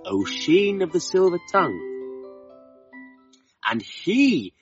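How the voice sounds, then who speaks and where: A man telling a folk tale in an expressive, dramatic way, slowing down for emphasis. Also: high-pitched. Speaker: storyteller. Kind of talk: oral storytelling of a folk tale. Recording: dull, slightly distant, harp music behind. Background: soft harp music.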